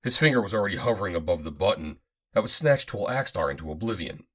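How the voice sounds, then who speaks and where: A man reading a first-person adventure audiobook aloud, in a dramatic, expressive manner. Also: low-pitched, quick pace. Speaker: audiobook narrator.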